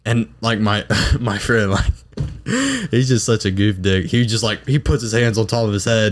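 A man's voice: fairly low pitch, normal speed. A young man, a recent graduate, telling a story with lots of filler words and laughter. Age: young adult. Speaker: podcast guest. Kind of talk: casual chat.

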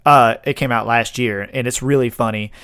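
A man in his thirties, hosting a podcast, chatting excitedly and rambling with frequent laughter. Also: mid-range voice, normal speed, clean tone, dry recording, studio quality. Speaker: podcast host. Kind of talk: casual chat.

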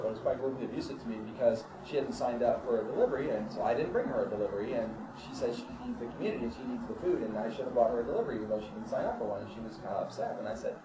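A man preaching a sermon, reading scripture with rising fervor and then telling everyday stories in a conversational way. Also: mid-range voice. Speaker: pastor. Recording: echoey room, far from mic, crowd.

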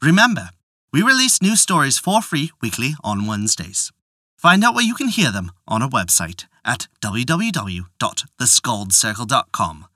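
A podcast storyteller narrating a folk tale with an expressive, scripted reading. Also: medium pitch, moderate pace, no echo, clean studio sound.

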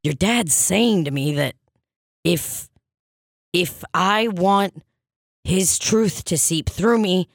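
Casting: a woman doing a low-voiced, brassy psychic with a Long Island accent, bossy and rambling, comedy bit, dry mic. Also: takes it slowly, long pauses, no echo. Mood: brash. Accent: Long Island, put on. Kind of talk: improvised comedy sketch.

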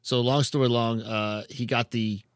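A man's voice: medium pitch, fairly even intonation, normal speed, dry recording, clean studio sound. A man hosting a podcast, asking short follow-up questions and chuckling along. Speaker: podcast host. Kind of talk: casual interview.

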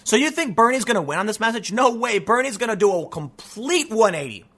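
High bright voiced guy ranting, sarcastic, kinda stuffy nose. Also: a little fast, husky. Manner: animated and sarcastic, with frequent mocking voices. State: stuffy from allergies. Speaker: political commentator. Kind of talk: casual opinion monologue.

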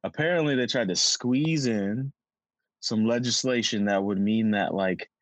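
On a laid-back podcast roundtable, this male co-host is goofy and jokey, riffing and drifting off topic. He talks a little slowly in a fairly low voice, with no echo.

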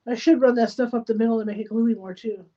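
Speaking quickly in a fairly high yet dark-toned, steady voice, this woman hosts a relaxed stream from a spare room turned studio. She mutters her way through her craft project step by step, and the lo-fi recording sounds dull with faint noise.

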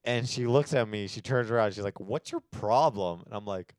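A young man chatting casually as a podcast co-host, telling animated stories with lots of fillers. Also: on the low side, fast, clear, resonant tone, no room sound. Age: young adult. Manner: animated storytelling with many fillers. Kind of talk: casual chat.

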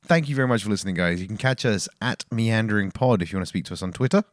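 A man hosting a podcast in casual chat, teasing his co-host and wrapping up briskly. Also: on the low side, no echo, studio quality. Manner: teasing, wraps things up briskly.

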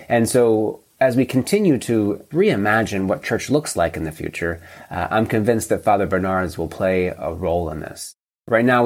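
Man, priest guest on a podcast, fairly low voice, earnest unscripted talk. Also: darkish tone. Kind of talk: casual interview talk.

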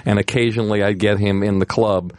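A low-voiced man tells heartfelt stories in a relaxed talk-show chat. His voice sounds close and dry, with no room echo. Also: fast. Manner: earnest, heartfelt storyteller. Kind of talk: casual storytelling chat.

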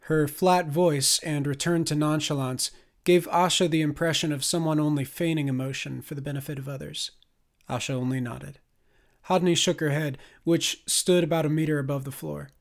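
A man reading a science fiction audiobook as narrator, in a measured, expressive way. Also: a little high, gravelly. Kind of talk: scripted narration.

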